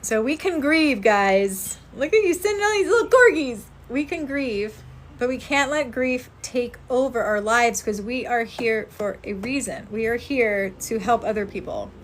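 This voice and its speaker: A woman's voice: on the high side, expressive, measured pace, slight background noise. A woman who works as a spirit medium, chatting earnestly on a casual outdoor livestream and thanking viewers by name.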